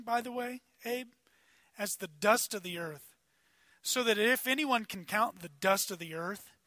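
A male pastor preaching with a high, bright, forceful voice in a dry, close recording. His delivery is conversational, rising to loud emphasis and dropping to quiet asides. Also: dry recording. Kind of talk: sermon.

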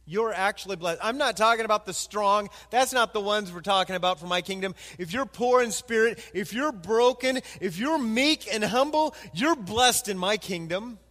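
Animated high-voiced male pastor. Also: normal speed, hardly any pauses, big-room sound. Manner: animated, acts out quoted voices. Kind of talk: sermon.

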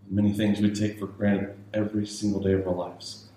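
Male pastor, low-ish voice, emphatic sermon delivery, very reverberant sanctuary. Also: fairly even intonation, brisk, warm tone. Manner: emphatic preaching with repetition, rising to raised urgency. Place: church sanctuary. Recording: very echoey church with faint hiss.

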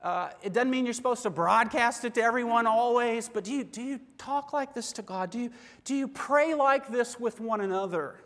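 A man's voice: very high voice, moderate pace, fairly bright tone, big-room sound. A middle-aged man preaching a sermon in a church, earnest and conversational, asking his listeners questions. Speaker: pastor.

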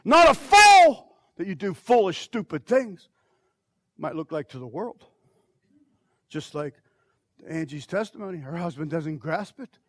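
A man preaching an altar call, impassioned, swinging from shouted pleas to near whispers. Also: sits high, very animated, unhurried, pauses often, dry recording. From United States. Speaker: pastor.

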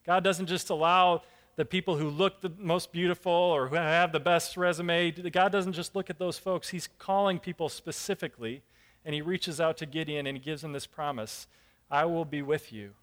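A man's voice: a little high, fairly even intonation, normal speed, a bit bright. A man preaching a casual, conversational sermon as a pastor, self-deprecating and acting out characters' lines.

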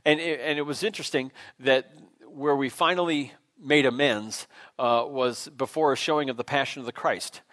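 Male pastor, mid-pitched, informal self-deprecating sermon delivery in a church. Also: normal speed, fairly bright tone. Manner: conversational, self-deprecating, with frequent fillers and restarts. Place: church sanctuary.

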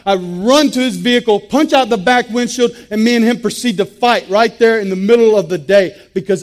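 A man's voice: high voice, moderate pace, few pauses. A man giving an intense, emphatic personal testimony, repeating phrases for weight. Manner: intense, repetitive, emphatic storytelling. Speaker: testimony speaker.

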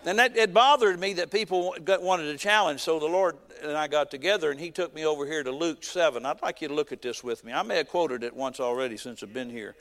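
Folksy preacher guy, highish voice, big echoey church hall, keeps repeating stuff for punch. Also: fast talker, hardly any pauses, fairly bright tone. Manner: folksy, emphatic preaching with repetition and humor. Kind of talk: sermon.

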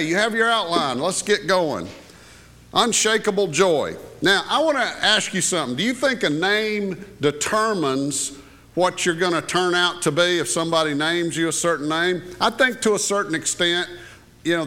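A man's voice: on the high side, sharp tone. An older male pastor delivers a sermon in a church. His delivery is folksy and conversational, full of asides and fillers. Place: church sanctuary.

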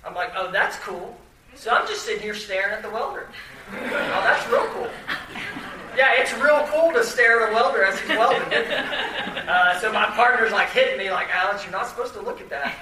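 Man, high-pitched, self-deprecating storyteller, echoey room with faint noise. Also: fairly quick, recorded from a distance. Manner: self-deprecating, chatty, lots of fillers and restarts. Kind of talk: humorous personal story told to an audience.

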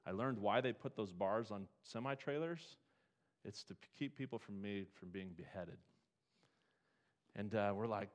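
Lower-voiced man preaching a story sermon. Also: moderate pace, long pauses. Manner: storytelling, swings from quiet to emphatic.

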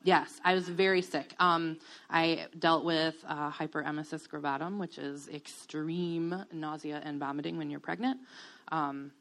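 Candid woman with a lowish voice. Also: steady tone, unhurried. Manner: candid and reflective, many ums, soft laughs. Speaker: guest sharing a testimony. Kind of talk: personal testimony, casual.

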